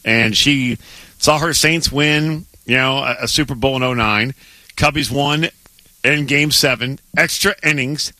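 A male sports radio co-host with a Southern American accent speaks in a very bright, cutting voice. He talks emphatically and stumbles over his words in quick restarts. The studio sound is dry and close. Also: medium pitch, dry recording. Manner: emphatic, animated, stammering restarts. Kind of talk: casual sports radio banter.

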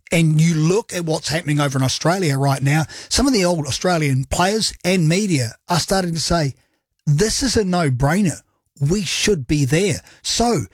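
A man's voice: fairly high pitch, breathy edge, dry recording, clean studio sound. A man with a New Zealand accent hosting a sports talk radio show, upbeat, chatty and jokey. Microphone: studio microphone.

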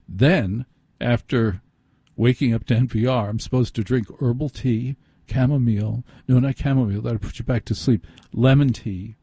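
Late night radio guy rambling a funny story about himself, husky mellow voice, dry studio mic. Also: medium pitch, moderate pace, no room sound. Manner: self-deprecating storytelling. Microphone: studio microphone.

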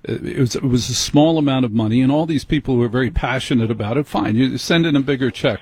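A man's voice: medium pitch, fast, darkish tone, husky. A man hosting an interview, sharing strong opinions in a conversational way. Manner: opinionated, mimics others for effect. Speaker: host.

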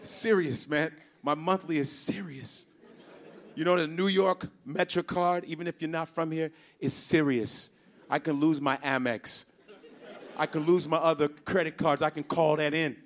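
A man doing stand-up comedy who rises into shouting rants. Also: on the high side, steady tone, measured pace.

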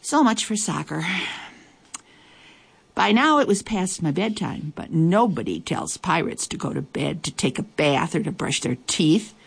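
A woman reads a children's picture book aloud, telling it through the boy's eyes. Her voice sits fairly low, but it moves around a great deal as she tells the story. Her storytelling is lively and expressive. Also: a little slow, creaky, breathy edge. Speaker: storybook reader.

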